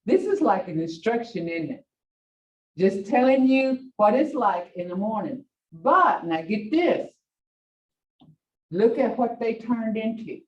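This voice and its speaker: A middle-aged woman teaching a language class in a casual, chatty way, telling stories with laughs and big jumps in pitch when she quotes people. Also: sing-song, slow. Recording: distant, dull lo-fi classroom recording.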